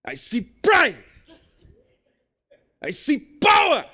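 A man voicing a big, fierce male bobsledder in an attempted Jamaican accent, giving a booming pep talk. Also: wildly swooping pitch, extremely slow, bright, forceful tone, heavily acted. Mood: fired up.

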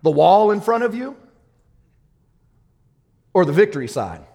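A man preaching a sermon, swinging from loud triumphant shouts to hushed, laughing storytelling. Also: high voice, sing-song, measured pace, creaky, big-room sound. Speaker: pastor.

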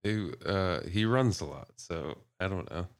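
Deep-voiced, laid-back podcast co-host. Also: male voice, expressive, a little slow, dry recording, studio quality. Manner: laid-back, laughs often. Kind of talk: casual chat.

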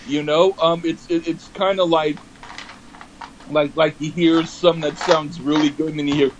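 A man, a songwriter, talking casually in a flat, monotone way, full of restarts and repeated words. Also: fairly high pitch, normal speed, muffled recording, noisy background. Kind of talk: casual chat.

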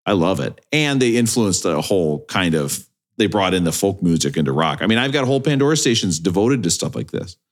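Animated joking man hosting a podcast. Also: sits low, a little fast. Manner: animated, jokey, playful wordplay. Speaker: podcast host. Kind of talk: casual podcast banter.

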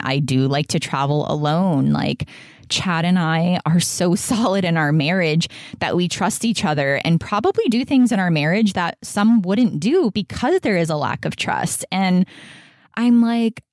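A woman's voice: fairly low pitch, dry recording, clean studio sound. Chatty woman telling a personal story. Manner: chatty, says "like" often, quotes others in animated asides. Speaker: podcast host.

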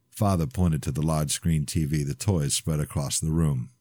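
A man reading his own novel aloud in measured first-person narration. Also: a bass voice, mellow, no echo, studio quality. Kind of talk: audiobook narration.

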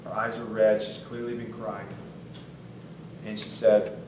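A man's voice: fairly low pitch, level tone, a little slow, long pauses, noisy background. A man in his thirties, a pastor telling a story in a sermon, conversational and earnest with casual fillers. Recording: roomy sound from a distant mic.

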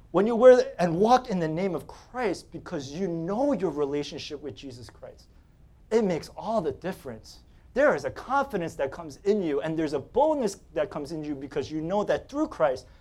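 A man from Staten Island, New York, with a fairly high-pitched voice preaches a sermon. He tells personal stories in a joking, conversational way and laughs often.

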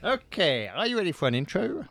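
A man's voice: high-pitched, huge pitch swings, gravelly. A man co-hosting a podcast in casual chat, with a joking, playful manner. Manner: jokey, playful, quick asides. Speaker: podcast co-host.

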